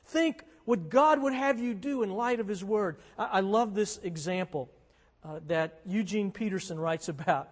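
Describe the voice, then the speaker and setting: A man's voice: high voice, moderate pace. A man preaching as a pastor, earnest and conversational, driving points home with emphatic repetition. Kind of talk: sermon. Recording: long hall reverb.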